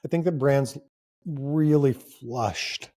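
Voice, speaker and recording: A man's voice: medium pitch, slow, mellow. A middle-aged man, a company founder, speaking as a guest in a conversational interview, telling stories with energy and emphasis.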